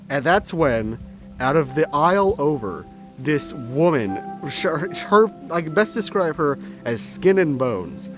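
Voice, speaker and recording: A young man telling a story in a casual, rambling way, swearing now and then. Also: a little high. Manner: rambling, profane, self-correcting. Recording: clear background music.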